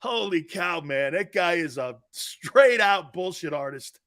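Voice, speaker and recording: A man's voice: high voice, animated, unhurried, fairly bright tone. A man from Connecticut hosting a sports talk show, blunt and mocking as he reads viewer comments and rants.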